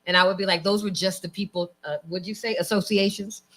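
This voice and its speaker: A woman from Las Vegas co-hosting a podcast, chatty and expressive as she tells stories. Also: medium pitch, fast. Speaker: podcast co-host. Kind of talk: casual interview chat.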